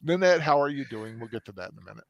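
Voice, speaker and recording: A man's voice: medium pitch, lively intonation, rapid-fire, gravelly. A man hosting a casual film chat, talking in a rambling way with many fillers and restarts. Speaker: host.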